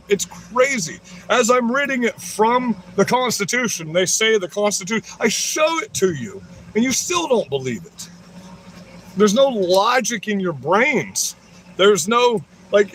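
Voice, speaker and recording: A man with a high-pitched voice hosts a livestream, ranting in a heated, profane tirade straight at his audience. He keeps tossing in "you know what I mean" as he presses his points, and a faint hum sits behind him. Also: a bit bright. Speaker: livestream host. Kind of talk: livestream rant.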